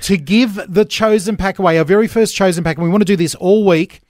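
A man's voice: high voice, quick pace, darkish tone, no room sound, clean studio sound. A man hosting breakfast radio, explaining a giveaway with upbeat promo patter. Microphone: studio mic.

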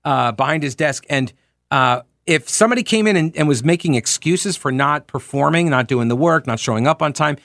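A male radio host from New York telling stories in a lively monologue, throwing in rhetorical questions. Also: on the high side, fairly quick, gravelly, no room sound, studio quality. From New York, Long Island. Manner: animated storytelling with rhetorical questions.

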